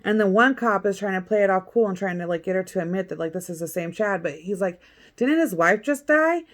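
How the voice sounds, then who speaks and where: A woman's voice: mid-range voice, steady tone, fast talker. A woman vlogger giving a blunt, profane, sarcastic recap in casual chat. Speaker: vlogger recapping a court hearing.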